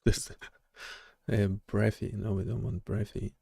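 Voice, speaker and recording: A man hosting a live coding stream, chatting casually and haltingly with lots of fillers and restarts. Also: lowish voice, little pitch movement, vocal fry, warm tone, breathy edge, no echo, studio quality. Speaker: live-stream host and developer.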